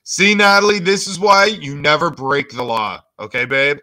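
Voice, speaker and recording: A man hosting a reaction video, his voice bright and somewhat high. He throws out crude, mocking remarks in casual commentary. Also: moderate pace. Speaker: host reacting to clips.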